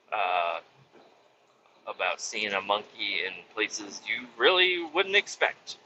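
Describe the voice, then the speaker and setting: Man, podcast host, lively storyteller with a bright, sharp tone, cursing freely, muffled lo-fi sound. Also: mid-range voice, a little hiss or hum. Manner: animated, swearing, acts out quoted voices. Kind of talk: casual storytelling.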